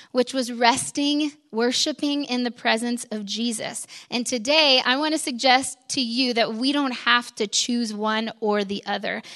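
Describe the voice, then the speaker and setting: Bright-voiced woman preaching a sermon. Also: a little high. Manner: conversational storytelling, acts out scenes. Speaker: pastor's wife preaching.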